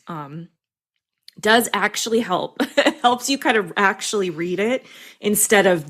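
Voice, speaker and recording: A woman's voice: fairly low pitch, fairly bright tone. A woman who coaches freelance writers, talking candidly in a casual podcast chat, swearing freely and laughing often.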